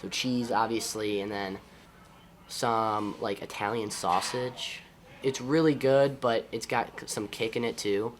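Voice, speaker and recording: High school senior football player, young man, Ohio accent, relaxed and chatty, slightly low voice. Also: unhurried, slight background noise. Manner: upbeat, easygoing, laughs often. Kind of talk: casual interview answers.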